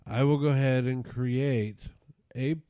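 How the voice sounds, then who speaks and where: A man's voice: medium pitch, fairly even intonation, unhurried, warm tone, clean tone, no room sound. A man hosting a podcast, teasing his co-host and cracking crude jokes in casual banter.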